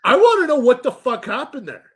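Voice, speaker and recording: A man's voice: extremely high pitch, a little fast, breathy edge. A man chatting casually on a podcast, telling stories with lots of swearing and acted-out quotes. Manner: profane, animated storytelling with acted-out quotes. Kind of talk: casual chat.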